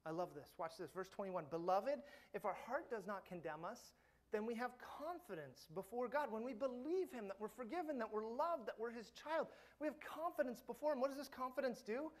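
Man, middle-aged, pastor, sermon, earnest, emphatic, goes quiet and slow on key lines. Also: very high voice, expressive. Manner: earnest, emphatic preaching that drops soft for key points.

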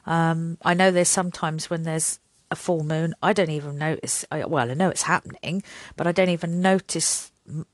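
A woman's voice: sits low, steady tone, normal speed, no echo. Chatty older woman, close and dry. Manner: rambling, self-deprecating, laughs often, acts out little dialogues. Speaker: podcast host. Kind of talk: chatty solo podcast ramble.

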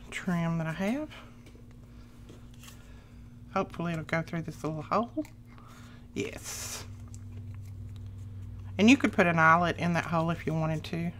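A chatty middle-aged woman with a lowish voice talks through her craft project in a relaxed, homey way. She rambles between stories and steps, with a faint hum of room ambience behind her. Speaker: crafting channel host. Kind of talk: casual crafting chat.

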